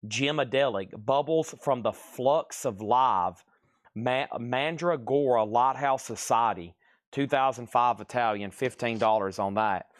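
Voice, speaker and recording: A man hosting a live-streamed record sale, listing items at a rapid clip and slipping into playful sales pitches. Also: no room sound, studio quality. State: out of breath. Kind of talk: live-stream auction patter.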